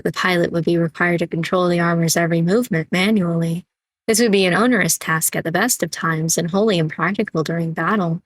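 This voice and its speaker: A woman voicing a formal male engineer chief who explains things in a measured, earnest way. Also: fairly low pitch, dry recording, close to an everyday voice.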